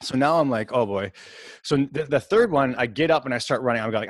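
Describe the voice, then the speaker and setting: A man's voice: mid-range voice, a little fast, no echo. A man hosting a podcast, spinning a long, rambling story and tripping over his own restarts. His voice sits in an ordinary middle register, recorded dry and close with no room sound. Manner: rambling, animated, self-interrupting storyteller. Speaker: podcast host. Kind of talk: casual storytelling chat.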